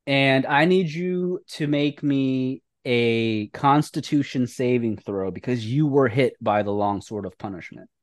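A man running a tabletop game as game master, calling rolls and describing the action. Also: medium pitch. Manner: brisk rules narration.

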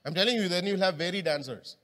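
A high-pitched man talks fast in a fairly bright tone while preaching in a church hall. He is conversational, peppering the congregation with questions, and the hall gives a long reverb.

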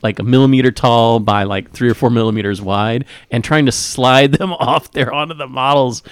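Male co-host, conversational, mid-pitched, dry close mic. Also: steady tone, normal speed, clear, resonant tone, dry recording. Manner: chatty, storytelling with groans. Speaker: podcast co-host. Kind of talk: casual podcast chat.

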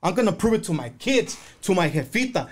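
A man's voice: sits high, big pitch swings, fairly quick. A middle-aged man telling his life story in casual conversation, passionate and heavy on profanity.

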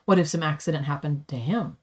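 A woman's voice: deep voice, fast talker, dull audio. A woman reading the lines of a worried old father urging his sons. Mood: concerned.

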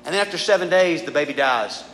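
Speaking quickly in a slightly high voice, this man gives a conversational sermon to a youth group, reading scripture and talking informally. He preaches in a casual, animated way, addressing them as "guys," with echo and faint noise from the hall.

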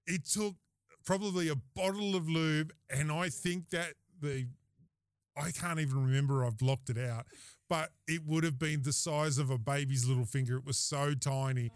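Animated Australian man telling a laughing story. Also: a little high, moderate pace, clear, resonant tone, dry recording, clean studio sound. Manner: animated, laughing storyteller who acts out quoted lines. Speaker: podcast host. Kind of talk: casual storytelling chat.

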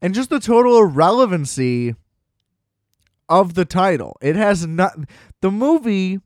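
A man's voice: high voice, very animated, measured pace, no echo, clean studio sound. Man ranting casually on a podcast. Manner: ranting, profane, laughing at his own gripes. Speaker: podcast co-host. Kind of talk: casual movie-review podcast chat.

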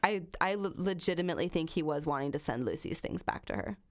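Casual low-voiced woman reading true crime. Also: expressive, fast talker. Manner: casual, swears freely. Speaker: podcast host. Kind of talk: true crime podcast chat, reading a passage aloud.

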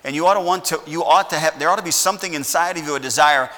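Pastor guy preaching, folksy, bright voice, big church reverb. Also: fairly high pitch, rapid-fire. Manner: folksy, keeps asking "all righty?". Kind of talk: sermon. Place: church sanctuary.

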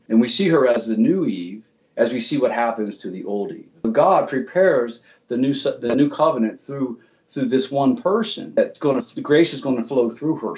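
A man's voice: mid-range voice, darkish tone, highs cut off. A man earnestly explaining scripture and Greek grammar in a theological discussion, often restarting and repeating words. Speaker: guest theologian.

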